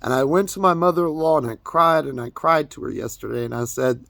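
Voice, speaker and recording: Crying on camera, a young man vlogs an emotional personal confession, his rambling speech full of stammers and curses. He sounds a little high, a bit bright and creaky, talking slightly fast in a dry recording.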